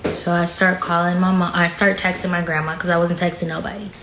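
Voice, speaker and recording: Her voice fairly low and level, this woman speaks at a moderate pace against heavy background noise. As a podcast guest she frankly and casually recounts something painful, filling her speech with "like," emotional and at times near tears. Faint music plays in the echoey studio.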